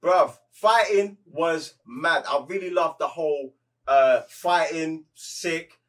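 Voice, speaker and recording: A man's voice: fairly high pitch, slow, a bit bright, recorded from a distance. Slangy man, off mic. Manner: slangy, hesitant, repeats words. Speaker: movie reviewer. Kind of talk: casual chat.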